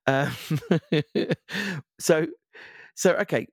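A man's voice: fairly high pitch, extremely slow, no room sound, studio quality. A man co-hosting a casual podcast, rambling and joking as he talks. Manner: rambling, joking, restarts a lot. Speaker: podcast co-host. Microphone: podcast microphone.

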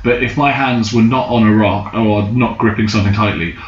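A man's voice: on the low side, fairly even intonation, a little fast. A young man casually telling a long, sweary anecdote as a guest in a chat. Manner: rambling, swearing anecdotal storyteller. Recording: roomy, slightly dull sound.

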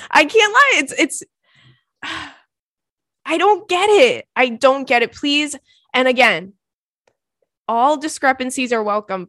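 A young woman hosting a podcast, chatting casually, ranting and laughing often, her voice swinging between loud and soft. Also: high-pitched, no room sound, studio quality. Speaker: podcast host. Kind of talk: casual chat.

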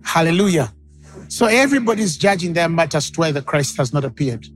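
A man's voice: a little high, expressive, a little fast, music in the background. A man preaching a sermon as pastor, acting out the people in his stories. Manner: dramatic, acts out quoted voices.

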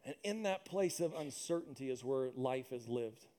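A man's voice: medium pitch, lively intonation, moderate pace, warm tone. A man preaching a sermon in church, emphatic and repetitive, with asides and jokes to the congregation. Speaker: pastor. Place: church with loudspeakers.

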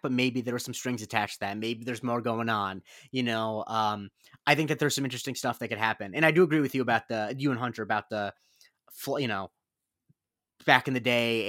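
A man's voice: medium pitch, steady tone, brisk, a bit bright, no room sound, clean studio sound. A man co-hosting a podcast in casual chat, rambling and opinionated with frequent restarts. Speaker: podcast co-host.

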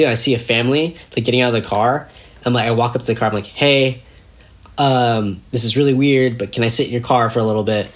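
A young man telling a story casually as a podcast guest, animated and laughing as he acts out what people said. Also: medium pitch.

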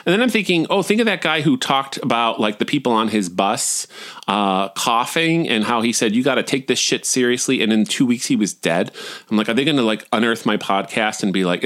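A man's voice: mid-range voice, expressive, brisk, fairly bright tone. A middle-aged man hosting a podcast, telling rambling, self-deprecating stories in a casual monologue. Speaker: podcast host.

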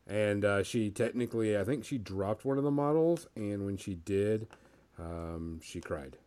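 A man's voice: on the low side, lively intonation, measured pace, a little mellow, clean tone. A man hosting a casual hobby podcast, talking loosely with many fillers and restarts. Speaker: podcast host.

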